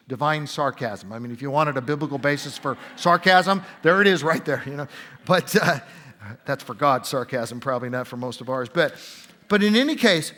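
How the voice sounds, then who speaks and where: A man answering interview questions in a conference center, explaining scripture in an animated, emphatic conversational way with quick asides. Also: mid-range voice. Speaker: interview guest, Bible teacher.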